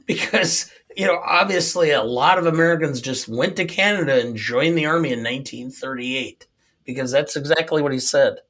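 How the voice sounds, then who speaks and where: A man co-hosts a casual movie review chat. His voice sits a little high for a man. He talks in a wry, incredulous way and chuckles between his points. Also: normal speed, a bit bright. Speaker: podcast co-host.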